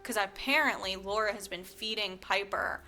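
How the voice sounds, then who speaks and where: A woman podcast co-host casually recapping a movie plot, animated and full of fillers, acting out the characters' lines as she goes. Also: mid-range voice, normal speed, soft background music.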